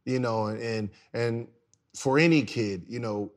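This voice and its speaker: Man, thirties, podcast guest, casual slang, lively storytelling, loud bursts, laughs easily. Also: mid-range voice, unhurried. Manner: animated, slangy, repeats words, gets loud and laughs while telling stories. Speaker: podcast guest, former pro basketball player.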